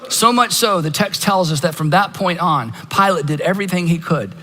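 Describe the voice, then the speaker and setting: A man preaching a sermon, retelling a story dramatically and dropping to hushed, intimate tones for emphasis. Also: high voice, animated, moderate pace, in a large hall. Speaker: pastor.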